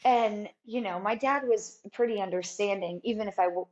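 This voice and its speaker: A woman talking as a podcast guest, animated and often laughing as she tells a personal story and acts out other people's lines. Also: medium pitch, normal speed, muffled recording. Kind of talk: casual storytelling.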